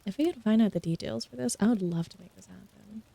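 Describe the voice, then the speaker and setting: A young woman in whispered role-play with a low-key, gravelly edge and a dark, mellow tone. She speaks softly and teasingly, slipping into mock-sinister playfulness between giggles. She is recorded close on a dry desk mic. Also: fast, dry recording. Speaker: streamer.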